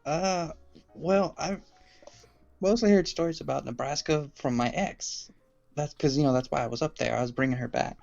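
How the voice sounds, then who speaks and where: A woman's voice: sits low, normal speed, creaky, darkish tone, no echo, dull audio, faint music behind. A woman, a podcast guest, telling stories about her boyfriend in a chatty, giggly way. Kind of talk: casual podcast chat.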